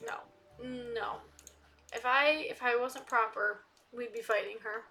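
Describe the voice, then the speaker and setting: A young woman casually commenting on a life-sim game, chatting to the characters and getting loudly indignant at times. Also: a little high, slow pace, pauses often. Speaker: gaming video creator.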